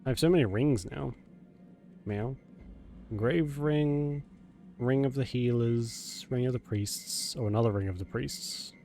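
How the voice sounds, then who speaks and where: A man streams a game and chats casually at an unhurried pace in a middle-pitched voice. He laughs often and drops in playful meows. Soft game music plays quietly behind him. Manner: chatty, laughs often, says meow repeatedly. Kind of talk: casual live gameplay chat.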